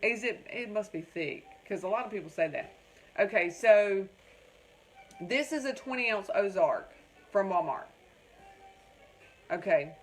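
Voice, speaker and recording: A woman's voice: mid-range voice, expressive, a little slow, pauses often, poor audio. Woman, North Carolina Southern accent, chatty, rambling, live-stream host, faint music behind. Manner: chatty, rambling, keeps calling viewers "y'all" and reading out their comments. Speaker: crafting livestream host. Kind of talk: casual live-stream chat.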